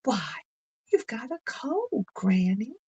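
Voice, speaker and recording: A woman doing a sweet little girl, high and breathy. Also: sing-song, slow, warm tone, dull audio, heavily acted.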